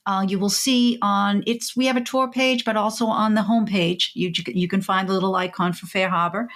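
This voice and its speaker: Female podcast co-host, mid-pitched, friendly and practical. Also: steady tone, brisk, a bit bright. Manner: friendly, practical, explaining steps plainly. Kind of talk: casual podcast chat.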